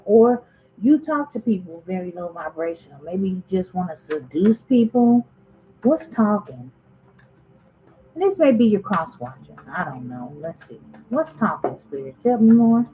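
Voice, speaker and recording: A woman's voice: medium pitch, sing-song, measured pace, narrow, tinny audio, slight background noise. A woman giving a casual tarot reading to her viewers, talking straight to them and musing aloud as she asks spirit questions. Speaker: tarot reader.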